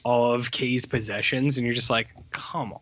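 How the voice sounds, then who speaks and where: A man co-hosts a podcast, rambling through a film review with plenty of fillers and jokey put-on voices. His voice is mid-pitched, and the recording is dry and a little muffled. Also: normal speed, no echo. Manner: rambling, animated, full of fillers, mocks characters in put-on voices. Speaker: podcast co-host. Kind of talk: casual film review chat.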